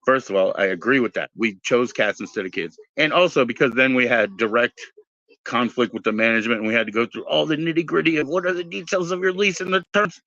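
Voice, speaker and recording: A man in his forties with a bright, forceful voice talks in a loose, meandering way, cursing casually as he drifts between tangents. The sound is dull and lo-fi, with a dry, close feel and no room around it. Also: mid-range voice, fast, no room sound. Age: 40s. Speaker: podcast host. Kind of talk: rambling casual chat.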